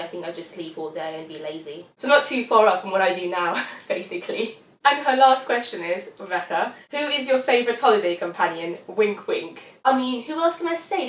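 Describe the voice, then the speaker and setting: A woman's voice: mid-range voice, distant mic. Chatty young woman in an echoey room. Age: 20s. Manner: chatty, upbeat, with frequent fillers. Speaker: vlogger. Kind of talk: casual Q&A vlog. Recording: echoey room, mic set back.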